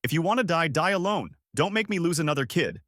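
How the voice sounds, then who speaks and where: Bellowing village uncle, protective and gruff, put on by a male reader, voice pushed high, dry close sound. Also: lively intonation, fast talker, fairly bright tone, no echo. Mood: desperate.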